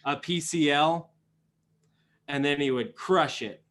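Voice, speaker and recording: A man's voice: on the high side, slow, fairly bright tone. A young man running a tabletop game as game master, rambling with many fillers and restarts.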